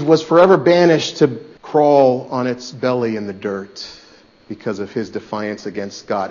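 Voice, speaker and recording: Pastor, male, lively pulpit delivery, loud-to-hushed swings, muffled lo-fi recording. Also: on the high side. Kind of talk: sermon.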